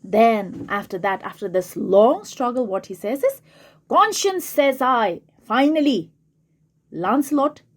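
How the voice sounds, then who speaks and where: A woman's voice: a little high, measured pace. A woman teacher giving a literature lesson, explaining a play line by line and often repeating and rephrasing her words.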